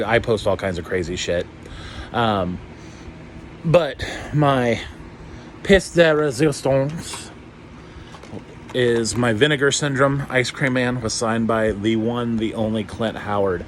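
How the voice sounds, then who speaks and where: A man talking straight to camera in a loose, rambling vlog. His pitch sits in an ordinary middle range, and he gets excitable and swears freely. He uses lots of "um" and "like" as he goes. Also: slight background noise. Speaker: YouTuber. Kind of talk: casual vlog chat.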